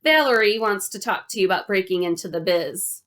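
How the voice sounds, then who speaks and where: A woman's voice: medium pitch, animated, fairly quick, a bit bright, close to an everyday voice. Woman doing a breezy teenage big brother. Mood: offhand. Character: teenage older brother, offhand and casual.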